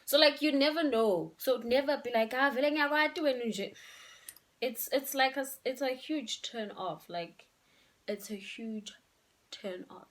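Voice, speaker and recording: A woman's voice: a little high, measured pace. A young woman, giving relationship advice in a casual, emphatic vlog and slipping in local words. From Eswatini. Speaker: vlogger.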